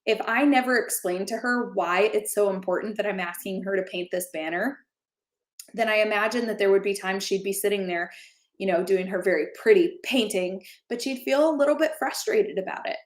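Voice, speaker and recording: Lively woman telling stories in an echoey room. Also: mid-range voice, a little fast. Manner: lively storyteller, acts out quoted lines. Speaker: co-host. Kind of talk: casual podcast chat.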